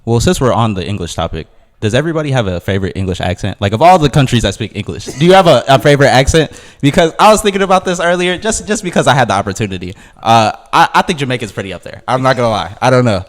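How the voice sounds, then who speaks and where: An actor chatting casually at a round table, curious and asking the group questions. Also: male voice, mid-range voice, expressive, quick pace, long reverb tail.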